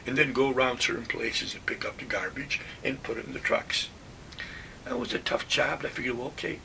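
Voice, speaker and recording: A man in his nineties from Western New York telling his army stories in a plainspoken, animated way. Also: medium pitch, a little fast, vocal fry, far from the mic, a little hiss or hum. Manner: plainspoken, animated retelling with acted-out quotes. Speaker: WWII veteran telling war stories. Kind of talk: oral history storytelling.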